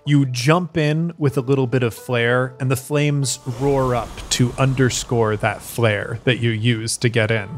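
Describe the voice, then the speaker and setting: A game master narrating a tabletop game in a measured, ceremonial way. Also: mid-range voice, steady tone, soft background music. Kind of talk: slow, solemn in-world narration for a tabletop game.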